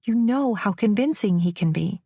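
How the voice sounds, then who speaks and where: A woman's voice: medium pitch, expressive, moderate pace, creaky, dark tone, slightly rough, dry recording, voice pushed up. A woman voicing a polite, earnest young woman who speaks shyly. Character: young woman, polite, shy, runaway bride.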